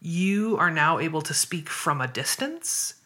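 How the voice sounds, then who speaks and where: A woman hosts a casual podcast conversation about body image, explaining her views thoughtfully step by step and often checking in with "right?". Her voice sits low and sounds sharp and expressive, and she speaks unhurriedly.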